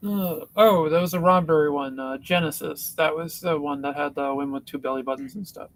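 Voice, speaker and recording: Higher-voiced man, dry close sound. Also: no echo. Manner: halting, with repeated starts. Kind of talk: casual chat.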